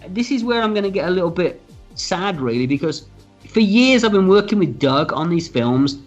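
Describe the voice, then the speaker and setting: Animated male filmmaker telling stories, lo-fi. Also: high-pitched, normal speed. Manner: animated, acts out quoted dialogue, swears freely. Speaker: film writer-director being interviewed. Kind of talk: candid interview storytelling. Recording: slightly dull lo-fi audio with faint music.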